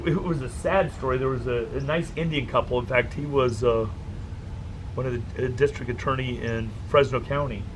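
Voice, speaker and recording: Animated man telling stories at a dog-training workshop. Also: mid-range voice, noisy background. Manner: animated, joking storyteller. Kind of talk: casual workshop talk with anecdotes.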